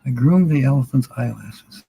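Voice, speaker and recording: A man's voice: mid-range voice, animated, moderate pace, vocal fry, mellow, slightly rough, rough recording. An older man hosting a livestream word game, chatting casually and chuckling often as he reads out viewers' names. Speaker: livestream host. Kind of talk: casual live chat during a word game.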